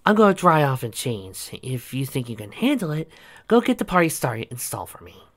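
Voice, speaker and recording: A man's voice: mid-range voice, very animated, normal speed. A man voicing a proud young princess in a fan-made story reading, with a prim, superior tone. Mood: annoyed.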